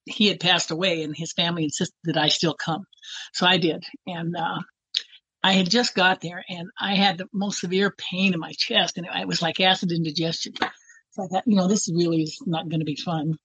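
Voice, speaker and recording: A woman with a husky voice telling a personal story in a rambling way, full of fillers and restarts. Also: lowish voice, steady tone, moderate pace, fairly bright tone, no room sound, dull audio. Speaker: interviewee.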